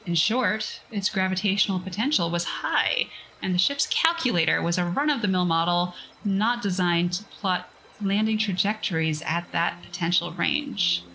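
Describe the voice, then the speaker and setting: A woman's voice: lowish voice, normal speed, bright, forceful tone, slight background noise, rough recording. A woman reading a science fiction story aloud on a casual livestream, breaking off for chatty, self-mocking asides.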